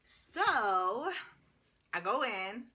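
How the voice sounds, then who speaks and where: A woman's voice: medium pitch, very slow, husky. A woman in her thirties, a paramedic student, telling a story in a casual, chatty vlog. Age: 30s. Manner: chatty, animated retelling full of "like".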